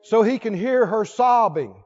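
Male preacher, sermon, rhetorical questions, emphatic repetition; high, animated voice; dull lo-fi recording. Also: unhurried, some chatter behind.

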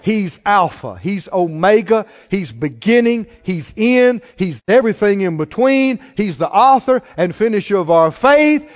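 High-voiced man preaching a sermon. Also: sing-song, unhurried, few pauses. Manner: call-and-response preaching, leads the congregation in repeating lines; rising, exhorting rhetorical questions. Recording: long hall reverb, dull lo-fi sound.

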